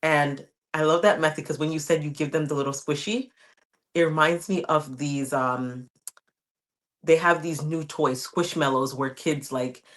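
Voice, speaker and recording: A woman with a notably low-pitched voice hosts a podcast interview. She talks in a relaxed, conversational way, affirming and encouraging her guest as they chat. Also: a little slow. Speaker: podcast host.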